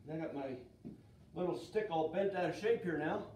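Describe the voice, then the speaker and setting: A man's voice: fairly high pitch, moderate pace. A man teaching children's church, telling a Bible story with energy and asking the kids questions. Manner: lively, asks kids questions. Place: church kids' room. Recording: echoey room, far from mic, faint noise.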